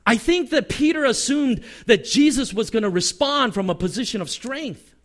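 Animated man preaching a sermon. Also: moderate pace. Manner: animated, acts out quoted voices; drops pitch and volume at phrase ends. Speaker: pastor.

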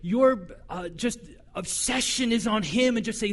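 A male pastor preaching a sermon in a conversational, humorous way, animated and acting out the voices he quotes. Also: high-pitched, a little slow.

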